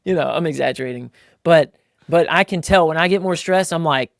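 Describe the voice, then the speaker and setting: Fairly high and creaky, this podcast host's voice moves briskly through clean studio audio with no echo. He's a man in his thirties in a casual chat, telling stories animatedly, acting out quotes, and sprinkling in slang, especially "like" and "bro."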